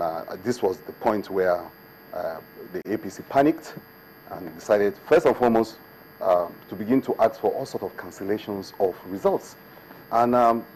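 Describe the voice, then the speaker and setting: Low-voiced man defending his side emphatically. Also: darkish tone, slight background noise, low-quality recording. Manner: defensive, builds emphatic argument with repetitions. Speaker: state commissioner for information, guest. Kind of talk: studio interview. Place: TV studio.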